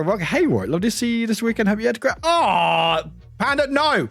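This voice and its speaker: A man's voice: high voice, brisk, vocal fry. A man from the UK, a streamer chatting casually and animatedly with his live chat from home. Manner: animated, laughing, greeting chat by name. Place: home room.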